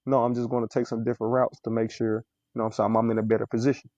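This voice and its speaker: A man's voice: medium pitch, level tone, very fast, darkish tone, no room sound. A man from Mississippi with a Southern accent, a podcast guest with a military background, talking in a rambling, casual way and often repeating words. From Mississippi, USA. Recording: dull, dry podcast audio.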